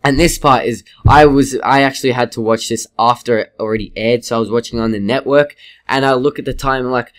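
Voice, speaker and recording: A man giving a casual, rambling video review, excitable and swearing freely. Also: medium pitch, a little fast. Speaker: wrestling reviewer.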